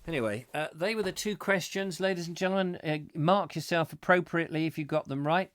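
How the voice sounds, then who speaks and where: A man's voice: on the high side, a little fast, fairly bright tone, no room sound, studio quality. A middle-aged man hosting a live comic chat show, reading out viewer comments with playful, rambling jokey asides.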